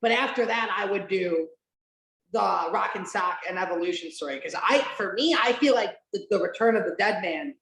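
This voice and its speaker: A woman's voice: medium pitch, lively intonation, normal speed, fairly bright tone. Woman podcast host, rambly, lots of ums, swears casually, echoey room. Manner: rambling, many fillers and restarts, casual swearing. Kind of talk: casual chat, watch-along podcast. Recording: roomy echo.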